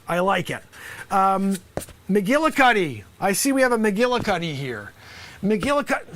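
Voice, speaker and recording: A man playing a brash loud basketball coach. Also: sits high, full character voice. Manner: loud, bossy, rambling with asides. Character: brash male high school basketball coach. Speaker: improv comedian host. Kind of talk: improv comedy sketch.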